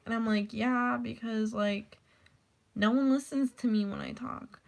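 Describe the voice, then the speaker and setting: A woman's voice: on the high side, fairly even intonation, moderate pace, gravelly, noisy background. A young woman telling stories in a rambling, casual way, swearing freely and saying "like" constantly. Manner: rambling, profane, lots of "like". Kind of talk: casual storytelling vlog.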